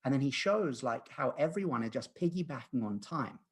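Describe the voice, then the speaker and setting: A man's voice: medium pitch, lively intonation, normal speed, breathy edge. A man in his thirties, a guest who practises lucid dreaming, retelling a dream in a podcast conversation in an earnest, rambling way with many fillers and restarts. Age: 30s.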